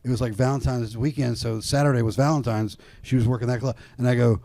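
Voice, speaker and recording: A man's voice: medium pitch, fairly even intonation, quick pace, mellow, dry recording. A man telling a long, profane, rambling story as a podcast guest, full of restarts and quoted voices. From Atlanta comedy scene. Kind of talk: casual storytelling.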